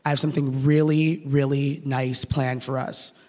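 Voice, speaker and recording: A woman's voice: extremely low pitch, level tone, normal speed, darkish tone, voice pushed down. A woman voicing her eager young boyfriend, earnest and upbeat as he lays out plans. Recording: reverberant stage sound with long echo.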